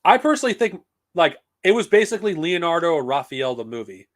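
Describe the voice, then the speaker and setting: A man's voice: a little high, big pitch swings, quick pace. A man talking casually on a live stream, blunt and profane, rambling with frequent restarts. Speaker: streamer reviewing comics and films.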